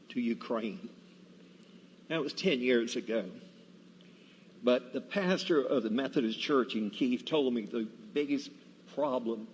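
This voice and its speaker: A man preaching in a church, telling Bible and personal stories in a folksy, deliberate way. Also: mid-range voice, a little hiss or hum. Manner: slow, folksy, deliberate storytelling. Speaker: guest preacher. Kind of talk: storytelling sermon. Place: church sanctuary. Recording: reverberant church hall, faint ambience.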